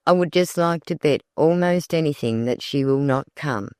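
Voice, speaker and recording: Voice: mid-range voice, normal speed, darkish tone, smooth, no echo, clean studio sound, lightly acted. A narrator reading the part of Ned, a wry, joking young man. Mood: teasing.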